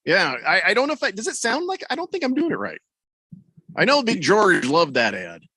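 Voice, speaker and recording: A man's voice: high-pitched, brisk, husky, no echo. A man hosting a radio show, chatting and joking in the studio and reading an ad. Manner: joking, self-deprecating, animated. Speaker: radio host. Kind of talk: casual chat and ad read. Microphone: studio microphone.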